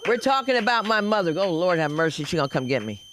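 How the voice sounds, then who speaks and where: A woman doing stand-up comedy on a club stage, telling stories in a lively, swooping way and throwing in shouted sound effects. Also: lowish voice, fast talker, slight background noise, rough recording.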